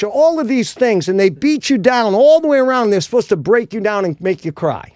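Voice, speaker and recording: A man from Rhode Island, telling a wild personal story in casual, animated, profane podcast talk and acting out the people he quotes. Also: high-pitched, fairly quick, hardly any pauses, no echo, clean studio sound.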